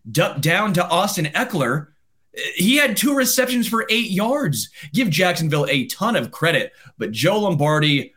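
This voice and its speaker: A man co-hosting a casual sports podcast, reading sponsor ads at speed and ranting with animation. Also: on the high side. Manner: rapid-fire ad reads, animated ranting. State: winded. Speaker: podcast co-host.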